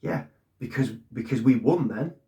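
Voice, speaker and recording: A man's voice: mid-range voice, expressive, normal speed, dark tone. A man giving blunt, ranting fan commentary on his club, swearing and repeating points for emphasis. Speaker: fan channel host.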